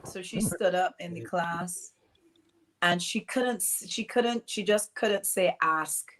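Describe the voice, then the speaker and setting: Lively woman with a mixed Barbadian-London accent. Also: lowish voice, slow pace. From East London, England. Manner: animated, acts out quotes, many fillers. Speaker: guest. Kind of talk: casual interview storytelling.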